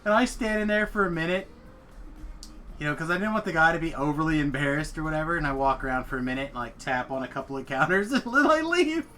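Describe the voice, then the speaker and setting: A man's voice: a little high, fast talker, a little hiss or hum. A man streaming a game and chatting casually, telling stories with lots of laughter. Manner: animated storyteller, laughs often. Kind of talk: casual chat while gaming.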